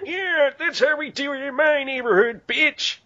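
Guy putting on a squeaky old wannabe gangster, taunting and bragging, muffled audio. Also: normal speed, sharp tone. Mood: swaggering. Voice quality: high mock-tough voice. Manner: boastful taunting. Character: old man in a swaggering fake gangster pose.

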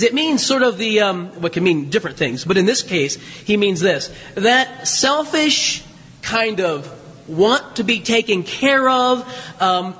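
A man's voice: high voice, fairly bright tone, slightly rough. A man preaching a sermon to his congregation in a church, talking in a conversational way with teasing asides. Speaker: pastor. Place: church sanctuary. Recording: long hall reverb.

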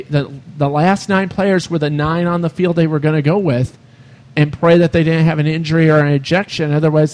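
A man's voice: on the high side, darkish tone. A man hosting a casual sports podcast, rambling through long baseball stories full of "you know" and "I mean".

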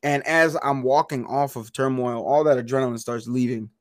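A man co-hosts a podcast, telling stories in a casual, swearing, animated manner. His voice sits in a middling register. The sound is close and dry, with no room echo. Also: medium pitch, moderate pace. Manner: profane, animated storytelling. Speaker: podcast co-host. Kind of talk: casual chat.

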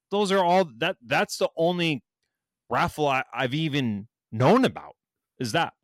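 A man's voice: fairly high pitch, measured pace, no echo, studio quality. A man, telling a story in casual chat, swearing a lot and acting out what people said. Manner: animated storytelling, heavy swearing, acts out quotes.

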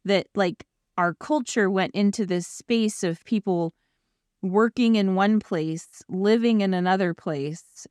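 A woman's voice: mid-range voice, slow pace, darkish tone, no room sound, studio quality. A woman co-hosting a casual book discussion, laughing often and acting out quoted lines. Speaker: podcast co-host.

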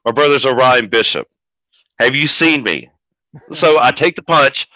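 A man who manages pro wrestlers, telling a story as a podcast guest in a profane, animated way. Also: medium pitch, unhurried, dry recording. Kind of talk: casual storytelling. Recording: dull lo-fi audio.

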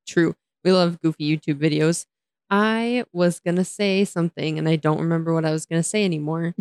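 A woman's voice: lowish voice, moderate pace, a little mellow. A young American woman co-hosting a podcast in casual chat, playful and laughing often. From United States. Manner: giggly, playful, jokey. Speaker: podcast co-host.

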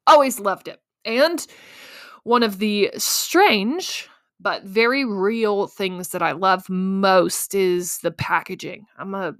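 A young woman tells a story on her podcast in a loose, casual way. She pokes fun at herself and plays out her own panicked inner voice with lively energy. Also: medium pitch. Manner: animated, self-mocking, acts out her own panicked inner voice. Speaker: podcast host.

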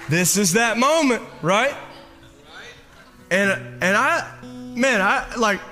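A man, a pastor, telling an animated, self-mocking story in a sermon, now and then raising his voice to a shout. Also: high voice, slow. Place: church hall. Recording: long hall reverb with faint guitar.

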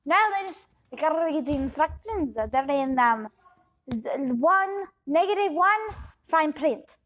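A woman improvising a shady quack doctor, high-pitched and evasive. She rambles with many pauses and slides between put-on accents. The sound is dull and lo-fi. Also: expressive, fairly bright tone. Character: shady scam doctor with shifting fake accents. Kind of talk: improv comedy scene.

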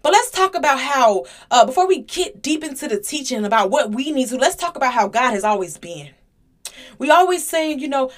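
High-voiced woman preaching casually. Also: big pitch swings, a little fast. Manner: conversational, repeats phrases for emphasis, acts out dialogue. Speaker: podcast host and Christian teacher.

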